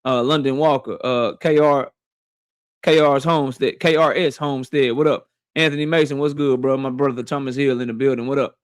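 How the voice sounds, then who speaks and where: A man's voice: mid-range voice, fairly even intonation, a little fast, dry recording, studio quality. A man hosting a boxing livestream, casually greeting chat members one by one in a slangy, playful way.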